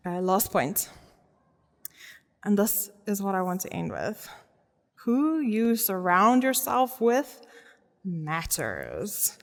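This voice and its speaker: A woman's voice: mid-range voice, huge pitch swings, slow, pauses often. A woman preaching a sermon in a church, earnest, often laughing and stressing key words. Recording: long reverb of a church hall.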